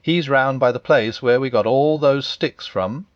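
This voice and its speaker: A tiny, timid piglet, as a man reading a storybook puts him on, squeaking nervously up high. Close and dry, with a dull, muffled recording. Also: measured pace, no echo, close to an everyday voice.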